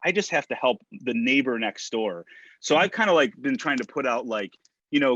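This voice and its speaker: A man's voice: mid-range voice, expressive, a little fast, a bit bright, slightly rough, muffled recording. A man talking casually on a podcast, emphatic and chatty, often checking in with "right?".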